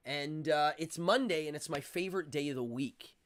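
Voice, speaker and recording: A man's voice: a little high, normal speed, fairly bright tone. A man hosting a livestream, chatting in a rambling, opinionated way with many fillers and restarts. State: out of breath. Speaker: livestream host. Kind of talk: casual livestream chat.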